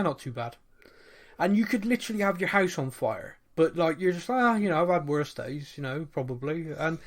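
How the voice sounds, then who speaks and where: A British man hosting a casual podcast chat, chatty and fond of mocking posh voices. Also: fairly high pitch. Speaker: podcast host.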